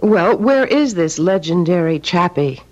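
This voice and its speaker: A sarcastic, needling wife. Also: female voice, fairly low pitch, animated, a little slow, a little mellow. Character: sharp-tongued, sarcastic middle-aged businessman's wife. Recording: dull old radio drama recording with music.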